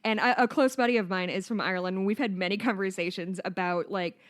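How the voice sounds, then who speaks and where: A woman podcast host who grew up in Chicago, in relaxed conversation. She frames her questions at length with personal stories before handing them to her guest. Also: medium pitch, quick pace. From Chicago, USA. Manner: chatty, asks long framing questions. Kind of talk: casual interview chat.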